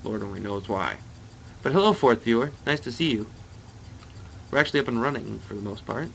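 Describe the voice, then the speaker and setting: A man's voice: medium pitch, lively intonation, brisk, creaky, fairly bright tone, lo-fi sound, slight background noise. A young Canadian man with a Canadian accent, chatting to viewers while he plays a racing game live. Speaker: let's play streamer.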